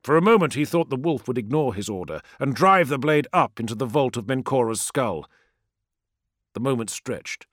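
A man giving dramatic, expressive audiobook narration. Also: a little high, no echo, clean studio sound. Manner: expressive storytelling.

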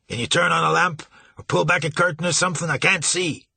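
A man puts on a blustering older steamboat captain, loud and blunt, with a folksy drawl. His voice is husky and bright, and his pitch climbs high when he shouts. The sound is close and dry. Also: fairly even intonation, fast talker, no room sound, full character voice. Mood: shouting.

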